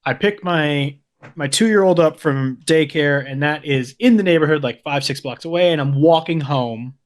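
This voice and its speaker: Calm, teasing male podcast co-host, fairly high voice, casual storyteller. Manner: calm, teasing, measured build-up.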